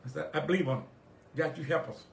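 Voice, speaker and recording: A male preacher, delivering a sermon. He repeats his phrases and quotes scripture in old wording, swinging from quiet reflection to loud, rising exhortation. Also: fairly high pitch, fairly quick, vocal fry. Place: church sanctuary. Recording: echoey church room.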